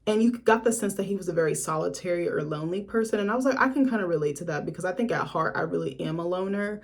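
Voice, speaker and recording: Woman vlogger, casual film critic; slightly low-pitched, blunt, swears, sassy asides. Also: quick pace. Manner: chatty, frank, swears freely, sassy asides. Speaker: film reviewer. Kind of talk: casual film review vlog.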